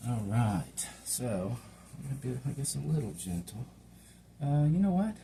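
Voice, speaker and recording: Rambling middle-aged man with a gravelly voice. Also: mid-range voice, sing-song, unhurried, warm tone, a little hiss or hum. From Hawaii. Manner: chatty, meandering, talks to himself while working. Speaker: home cook and channel host. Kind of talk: rambling casual cooking vlog.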